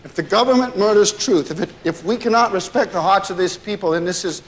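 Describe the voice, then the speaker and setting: Actor playing an earnest prosecutor, voice cracking. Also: male voice, sits high, quick pace, close to an everyday voice. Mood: impassioned. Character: middle-aged male prosecutor giving impassioned courtroom closing. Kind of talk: film drama.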